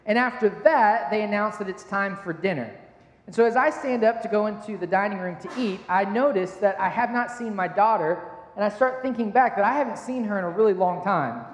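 A man's voice: sits high, a little fast, a little hiss or hum. A man in his thirties, a pastor giving a sermon in a conversational, self-deprecating storytelling way. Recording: echoey hall with long reverb.

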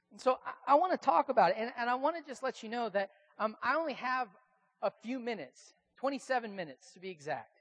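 A man's voice: extremely high pitch, a bit bright. A man with an American accent preaching a sermon in a casual, conversational, self-deprecating way. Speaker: pastor.

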